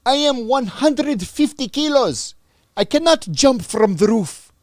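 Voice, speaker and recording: A man's voice: very high-pitched, animated, measured pace, dry recording, studio quality, pitched above the performer's own voice. A man putting on the voice of a wounded captive man who pleads through tears. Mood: pleading.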